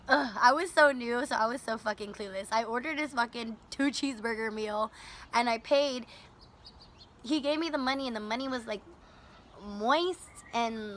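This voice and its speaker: A young woman telling a rideshare story in a casual vlog, animated and profane, acting out her own and her passenger's lines. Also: on the high side, slight background noise.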